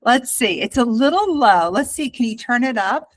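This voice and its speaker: A woman's voice: on the high side, expressive, rough recording. Woman hosting a chill podcast on a video call, laughs a bunch, lots of uhs. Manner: chatty, laughs often, halting with fillers. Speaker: podcast host. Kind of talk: casual podcast chat.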